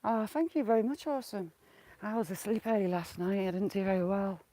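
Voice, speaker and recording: Strolling beside a lake, a female vlogger chats to herself and calls out affectionately to the ducks in a casual walk-and-talk. Her mid-range voice is mellow and fairly quick, with no echo.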